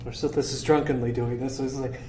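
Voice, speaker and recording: A man at a tabletop game talking in a slow, deliberate way. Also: mid-range voice, flat delivery. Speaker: player. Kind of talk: casual chat. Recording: echoey room with faint noise.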